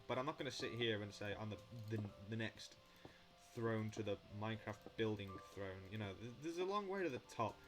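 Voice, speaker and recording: Chatting bluntly as he builds in the game, a young Minecraft vlogger keeps up a rambling, casual monologue with the occasional swear word. His voice is medium in pitch and a bit bright.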